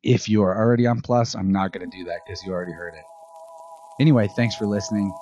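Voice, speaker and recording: A man's voice: lowish voice, fast, mellow, slight background noise. A man hosting a podcast, chatting with listeners in an upbeat, casual way. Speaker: podcast host.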